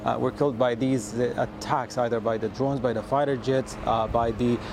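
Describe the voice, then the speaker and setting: A male field correspondent reports live outdoors, pausing often with fillers and restarts. His mid-pitched voice comes over a noisy line with a drone and street sounds behind. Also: fairly even intonation. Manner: halting, many restarts and fillers. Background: drone and street noise.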